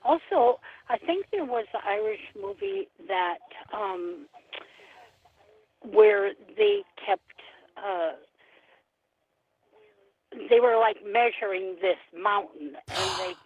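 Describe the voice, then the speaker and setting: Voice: medium pitch, animated, slow, long pauses, dry recording. A caller phoning in to a radio show, hesitant and searching for words. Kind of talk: phoned-in call to a radio show. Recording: tinny phone line.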